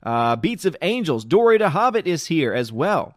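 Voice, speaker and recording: A man's voice: on the high side, very animated, normal speed, dry recording, studio quality. A man hosting a live stream, sarcastically greeting viewers and reading chat while fighting a cold.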